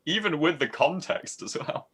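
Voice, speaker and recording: A man, a podcast guest, chatting in a relaxed, self-deprecating way with casual swearing. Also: fairly high pitch, normal speed, husky.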